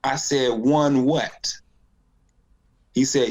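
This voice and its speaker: A man's voice: lowish voice, moderate pace, creaky, dull audio. A man from North Carolina, a comedian telling a story in a casual interview and acting out the voices of the people in it. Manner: animated storyteller, acts out voices. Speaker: guest comedian.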